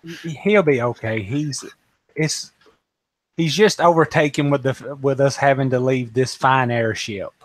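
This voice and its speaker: A man's voice: mid-range voice, unhurried, no room sound. A man plays his character at a tabletop game in a breezy, reassuring way. His voice sits in the middle of the range and sounds dry and close. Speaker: player.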